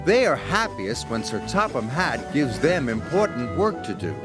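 A man reading a children's storybook in an expressive, gently dramatic way. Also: mid-range voice, normal speed, over loud music.

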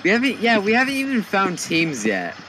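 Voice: medium pitch, huge pitch swings, fairly quick, noisy background. A gamer chatting while playing, explaining things to friends. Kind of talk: casual gaming chat.

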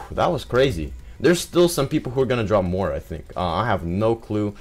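A young man giving excitable live commentary over his own gameplay, full of exclamations and fillers. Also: lowish voice, normal speed, soft background music.

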